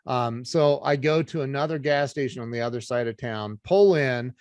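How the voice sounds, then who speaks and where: A middle-aged man, a podcast guest, telling a story in an animated, earnest way. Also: medium pitch, moderate pace, clear, resonant tone, no echo, clean studio sound. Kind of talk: casual storytelling chat.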